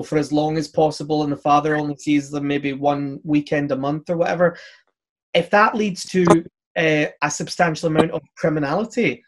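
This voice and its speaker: A man hosting a casual panel discussion, who stammers at the start of his points and makes wry remarks. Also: on the high side. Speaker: host.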